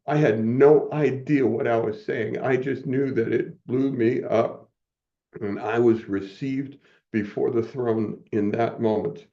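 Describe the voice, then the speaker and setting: A man as a guest giving an earnest, halting personal testimony, often moved as he speaks. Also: medium pitch, warm tone, dull audio.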